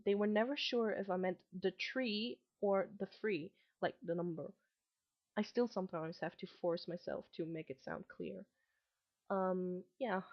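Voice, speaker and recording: A woman's voice: fairly low pitch, highs cut off. A woman in her late teens who grew up between Germany and Malaysia, with a slight mixed German and Malaysian English accent, talking casually in a webcam vlog with lots of ums and restarts. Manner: rambling, many ums and restarts. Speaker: vlogger.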